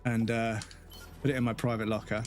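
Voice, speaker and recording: A man's voice: medium pitch, flat delivery, fairly quick. A man, a gaming streamer, angrily ranting in a casual live stream full of swearing. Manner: angry, profane ranting.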